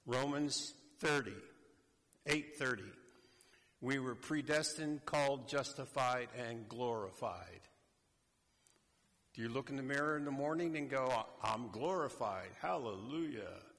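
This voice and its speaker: A man preaching a sermon slowly and emphatically, addressing a congregation. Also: medium pitch, a bit bright. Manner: slow, deliberate, emphatic preaching. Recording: long hall reverb.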